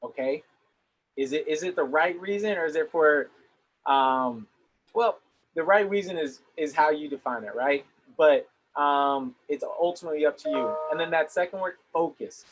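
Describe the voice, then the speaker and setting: An earnest young man gives a motivational talk to a young audience. His voice sits fairly high, and he often repeats words as he starts a sentence. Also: moderate pace, rough recording. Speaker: motivational speaker.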